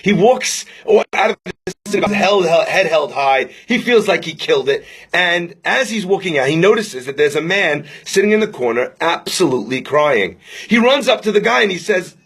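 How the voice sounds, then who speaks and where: A young man, a rabbi, giving an inspirational talk. He tells stories dramatically and slows down on the key phrases. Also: high-pitched, expressive, fairly bright tone, husky. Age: young adult. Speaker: rabbi and speaker.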